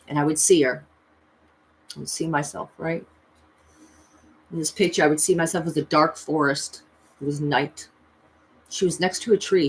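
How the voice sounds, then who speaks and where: A woman in her thirties telling a personal story in a confessional vlog, emotional and earnest, with pitch jumping high as she recalls pleading. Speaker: tarot reader and vlogger.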